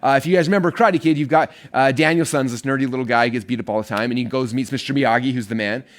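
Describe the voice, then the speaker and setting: A man teaching an online course, talking extremely fast in an energetic, rambling way. His voice sits at an ordinary pitch, and he fills his sentences with casual asides. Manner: energetic, rambling, many fillers. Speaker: online marketing course instructor.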